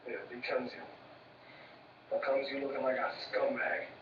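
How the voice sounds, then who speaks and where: A man's voice: medium pitch, flat delivery, normal speed, dull audio, noisy background. A man with a Brooklyn New York accent, teasing and wisecracking in casual banter with his brother as co-host. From New York inner city.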